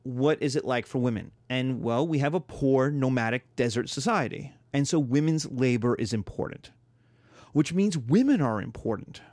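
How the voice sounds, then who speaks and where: A man teaching a history class in a lecture style, telling lively stories and acting out little scenes. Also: medium pitch, normal speed, dry recording, clean studio sound. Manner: animated storytelling, acts out quarrels in voices.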